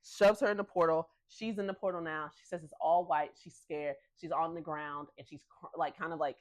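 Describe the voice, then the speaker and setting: A woman's voice: low voice, normal speed. A woman podcast host casually retelling a book's plot in a playful way. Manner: animated, playful.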